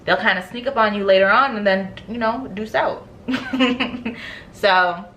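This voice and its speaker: A woman's voice: medium pitch, measured pace, fairly bright tone, a little hiss or hum. A woman vlogger chatting casually about her skincare, laughing often and acting out stories. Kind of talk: casual chat.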